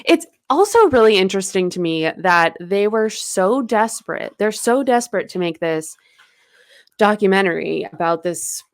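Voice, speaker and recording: A woman's voice: mid-range voice, animated, moderate pace. A woman co-hosting a podcast, casually retelling a novel's plot and acting out bits of dialogue. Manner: retells the plot in quoted snippets, loose and chatty. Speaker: podcast co-host. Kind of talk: casual book recap chat.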